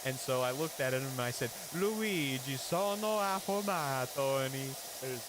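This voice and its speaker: A young man chatting on his stream in an easygoing, rambling way, full of fillers. His voice sits at an ordinary middle pitch. A steady hiss stays under his desk mic. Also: fast. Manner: rambling, with many fillers and laughs. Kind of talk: casual chat. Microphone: headset or desk mic with an audio interface.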